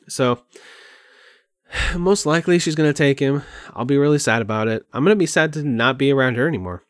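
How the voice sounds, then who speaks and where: Brisk and mid-range, a man's voice comes through studio-quality audio with no room sound. He's a podcast host at home by his computer, speaking candidly in a rambling, emotional, open-hearted monologue.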